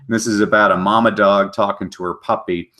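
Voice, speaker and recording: A man giving an energetic webinar talk on children's books, telling stories and briefly doing character voices. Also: fairly low pitch. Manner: animated storyteller, does quick character voices. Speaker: literacy speaker giving book talks.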